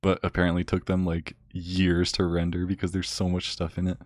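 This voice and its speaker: A young man rants about a film in a loose, rambling way, with a sarcastic edge and constant fillers. His voice is very low. The sound is close and dry, with no room echo. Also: monotone, brisk. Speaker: vlogger. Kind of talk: casual rant recapping a film.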